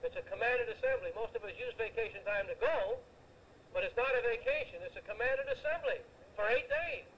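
A man delivers a sermon in a strikingly high voice, explaining scripture verse by verse. He drives points home with emphatic rhetorical questions and answers them himself. A faint noise sits under the recording. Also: fairly quick, a bit bright, poor audio. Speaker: preacher.

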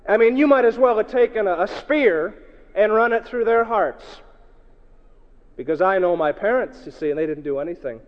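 A man preaching a sermon to a congregation in a church hall, emphatic and challenging, swinging between loud outbursts and low asides. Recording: echoey hall, dull lo-fi sound.

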